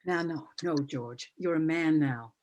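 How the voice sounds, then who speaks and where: A woman's voice: deep voice, measured pace, darkish tone. A woman playing a fretful mother of the groom who scolds and worries, over dull video-call audio. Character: fussing middle-aged mother of the groom.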